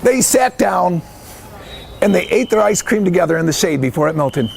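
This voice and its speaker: A head of school with a high, gravelly, raspy voice reads a picture-book story to children at normal speed. He narrates with animated bursts of shouting and keeps quizzing his young audience.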